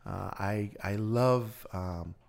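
A man's voice: lowish voice, drawn-out words, gravelly. A man hosting a podcast, chatting casually in an upbeat way, with frequent stammers and easy laughter. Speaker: podcast host. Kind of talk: casual chat.

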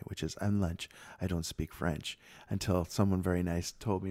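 Gravelly-voiced man telling stories. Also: low-pitched, moderate pace, few pauses. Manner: animated storyteller, laughs often. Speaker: podcast co-host. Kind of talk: casual chat.

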